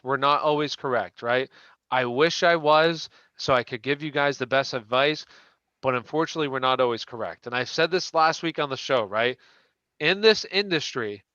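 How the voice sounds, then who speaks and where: A man's voice: medium pitch, bright, forceful tone, no room sound, highs cut off. A man hosting a live question-and-answer stream, chatting casually and restarting his sentences as he answers viewers. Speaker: fantasy football show host.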